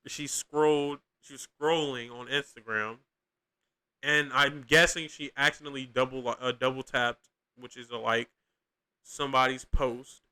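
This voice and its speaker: A man's voice: mid-range voice, pushed and bright, smooth. A young man hosting a podcast, giving casual, profane, rambling reaction commentary with lots of slang and restarts. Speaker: podcast host reacting to clips.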